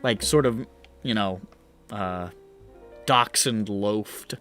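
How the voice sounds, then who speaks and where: A man's voice: lowish voice, slow pace, fairly bright tone, faint music behind. A man narrating as game master in a tabletop game, rambling and swearing casually as he describes scenes.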